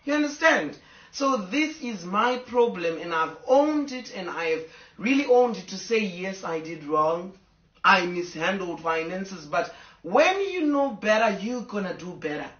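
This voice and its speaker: A woman's voice: medium pitch, lively intonation, unhurried, fairly bright tone, recorded from a distance, muffled recording. Emotional woman on a roomy live stream. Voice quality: emotional, rambling. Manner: talks to fans, stops to scold her dogs. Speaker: social media personality. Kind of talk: casual live video to fans. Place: home with a fireplace.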